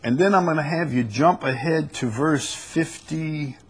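A man's voice: on the high side, normal speed, slightly rough. A man preaching a sermon and reading scripture aloud, earnest and rising to emphasis on the verses.

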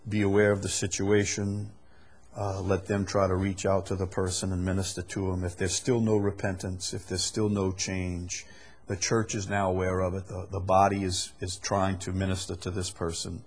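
A man's voice: on the low side, fairly even intonation, unhurried, pauses often. A male pastor preaching a sermon, earnest, repeating words as he explains scripture. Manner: earnest, repeats words, acts out quoted apologies.

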